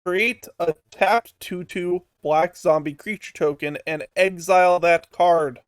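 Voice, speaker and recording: A man's voice: high-pitched, slow, clean tone, dry recording. A man co-hosting a casual podcast who jokes around and reads card text aloud. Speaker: podcast co-host. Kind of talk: casual card review chat.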